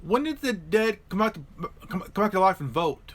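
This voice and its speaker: A man's voice: high voice, lively intonation, brisk. A man hosting a live stream, chatting casually about politics and stumbling over repeated words and restarts.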